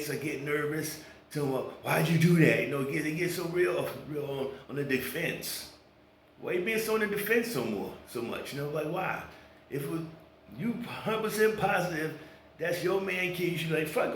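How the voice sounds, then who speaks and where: A man's voice: a little high, roomy sound, a little hiss or hum, low-quality recording. A man ranting casually to his viewers, swearing a lot and acting out quoted voices as he tells a story. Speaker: vlogger. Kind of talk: casual rant to camera.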